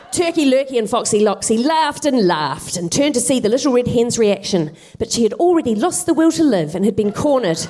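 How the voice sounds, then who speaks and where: A woman's voice: on the high side, sing-song, brisk, hardly any pauses, warm tone. A woman comedian doing live stand-up, telling a comic story in a wry, self-deprecating way.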